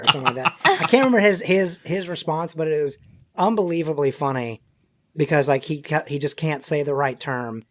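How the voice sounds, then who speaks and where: A man chatting on a podcast, telling rambling, animated stories full of acted-out quotes. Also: a little high, brisk. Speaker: podcast guest. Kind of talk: casual chat.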